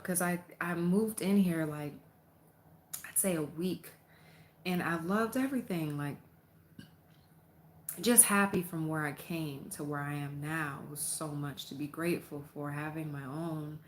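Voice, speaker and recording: A young adult woman vlogging a casual storytime from her apartment, animated and profane as she tells it. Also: low voice, slight background noise.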